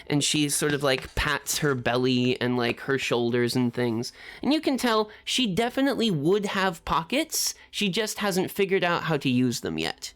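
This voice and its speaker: A woman's voice: low-pitched, big pitch swings, normal speed, few pauses. A woman running a tabletop game as game master, narrating scenes in a descriptive, meandering way.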